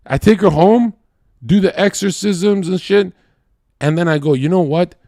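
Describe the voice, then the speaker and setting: Gravelly, profane ranting man. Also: high-pitched, moderate pace, dry recording, studio quality. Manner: profane, loud, acts out voices mid-story. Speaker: streamer. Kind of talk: heated rant in a debate stream.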